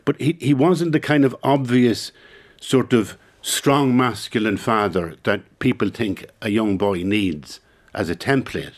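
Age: adult. Sex: man. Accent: Irish. Pitch: fairly low. Style: reflective interview guest in a studio. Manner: halting, searching for words. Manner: thoughtful, halting, many repeated words. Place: radio studio.

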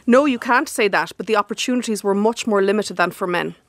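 Female academic guest, measured and explanatory, close dry studio sound. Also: medium pitch, no room sound. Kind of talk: expert radio interview.

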